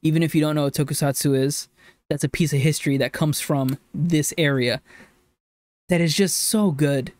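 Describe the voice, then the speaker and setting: Excitable gushing male podcast co-host. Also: moderate pace, no room sound. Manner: excitable, gushing, gasps and jumps up in pitch when delighted. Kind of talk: casual chat.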